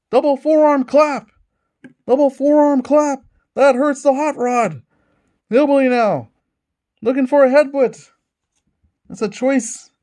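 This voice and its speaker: A man hosting a tabletop wrestling game and calling it like a ring announcer. He narrates every move as it happens, with plenty of excitement. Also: very high-pitched. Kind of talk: wrestling play-by-play commentary.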